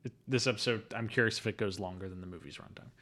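A man co-hosting a casual movie-review podcast, jokey and animated, often slipping into silly impressions. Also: fairly low pitch, rapid-fire. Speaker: podcast co-host.

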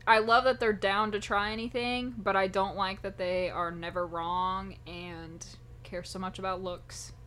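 A young woman talks through a relaxed podcast, playful and quick to break into giggles. Her pitch sits mid-range for a woman. A faint hiss of background noise runs under the recording. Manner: giggly, playful, laughs often. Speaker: podcast co-host. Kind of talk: casual chat.

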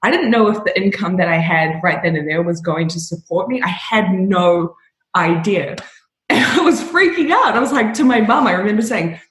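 Animated laughing woman, echoey room. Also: fairly low pitch, moderate pace. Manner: animated, laughs often, voice rises when excited. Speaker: podcast guest. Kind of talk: casual interview storytelling.

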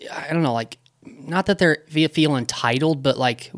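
A man's voice: fairly high pitch, normal speed, a bit bright, dry recording, studio quality. A man co-hosting a podcast, speaking in a hesitant, reasonable way with many hedges. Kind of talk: casual podcast chat.

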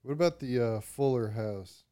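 A man's voice: medium pitch, moderate pace, warm tone, no echo, clean studio sound. A man co-hosting a casual podcast, mostly chiming in with short agreeing remarks. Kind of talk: casual chat.

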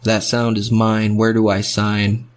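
A man's voice: lowish voice, monotone, measured pace, lightly acted. A man voicing a restless, lonesome young blues guitarist who speaks in short, plain lines. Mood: awed.

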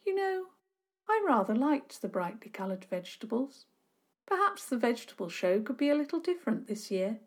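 A woman's voice: on the high side, very animated, moderate pace, voice pushed up. A woman doing a dreamy little girl. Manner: dreamy and hesitant.

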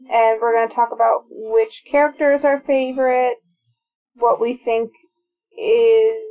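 Chatty woman with a gravelly, high voice. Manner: chatty, enthusiastic about trivia. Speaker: podcast co-host. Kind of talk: casual movie-watch commentary. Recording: phone-like narrow sound.

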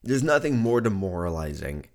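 A hoarse man hosting a podcast, talking in a casual, profane, joking rant and laughing at his own lines. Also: deep voice, big pitch swings, moderate pace, a little mellow. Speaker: podcast host.

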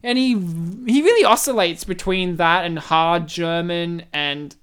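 A woman chatting casually during a movie commentary, animated and rambling, full of fillers and silly impressions. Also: lowish voice, unhurried, clear, resonant tone. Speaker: co-host.

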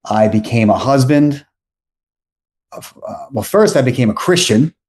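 A man's voice: medium pitch, measured pace. Podcast guest, man, 40s, from South Florida, easygoing storyteller, mid-range voice. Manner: rambling, self-correcting, animated storyteller. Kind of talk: casual storytelling.

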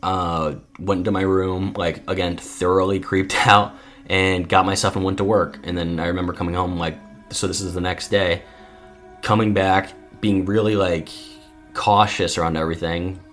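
Podcast co-host, low male voice, lively storyteller who acts out quotes, soft music under. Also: moderate pace. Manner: animated storyteller acting out quotes, many fillers. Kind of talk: casual storytelling.

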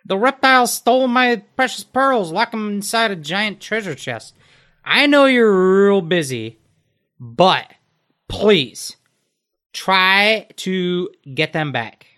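A man voicing an elegant female mermaid princess from a video game, reading her lines slowly in a raised voice. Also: animated, heavily acted. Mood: pleading. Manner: high, loud, slow line reading.

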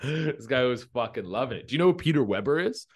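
A young male podcast host talks in a loose, swear-heavy way and slips into acted-out voices when he tells stories. His pitch sits in the middle but swings widely as he talks. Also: fast talker. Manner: animated, swears a lot, acts out voices in stories. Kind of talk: casual podcast chat.

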